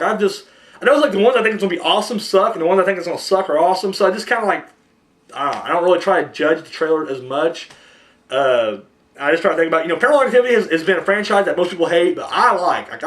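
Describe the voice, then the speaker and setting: A young man hosting a casual movie podcast, rambling and profane, acting out little scenes as he talks. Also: high voice. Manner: rambling, profane, animated storytelling. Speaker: podcast host. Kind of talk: casual chat.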